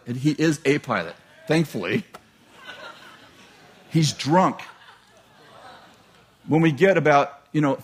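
A male preacher telling a personal story in a sermon, animated and self-deprecating, often laughing at himself. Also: a little high.

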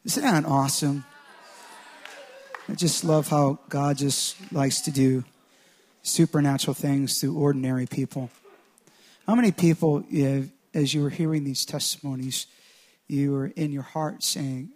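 A man's voice: fairly high pitch, fairly even intonation, a little slow, long pauses, darkish tone. A man preaching to a congregation, calling people to stand and praying over them in an exhorting tone. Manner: exhorting, repetitive restarts building in intensity. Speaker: preacher leading a church service. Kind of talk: sermon with altar call and prayer.

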